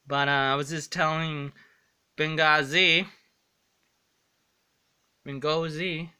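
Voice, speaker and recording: A man's voice: a little high, flat delivery, slow, sharp tone, clear, resonant tone. A man rambling through a casual vlog monologue, earnest and often stumbling over his words. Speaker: vlogger.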